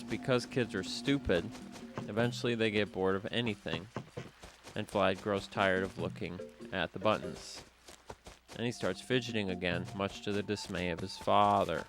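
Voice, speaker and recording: Brief: low-voiced male host, offhand, rambling storyteller, game music underneath. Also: steady tone, normal speed, fairly bright tone. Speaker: gaming channel host. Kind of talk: rambling storytelling over gameplay. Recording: music playing behind.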